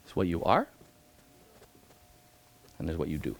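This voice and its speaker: Animated man telling a teaching story. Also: sits low, unhurried, vocal fry, a little hiss or hum. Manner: animated, acts out voices and jumps between loud and hushed. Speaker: rabbi teaching an adult class. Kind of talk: lively storytelling lecture.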